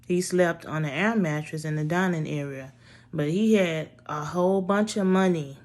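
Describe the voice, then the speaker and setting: A woman's voice: fairly low pitch, moderate pace, a little mellow. A woman casually telling a personal story in a blunt, profane, exasperated way.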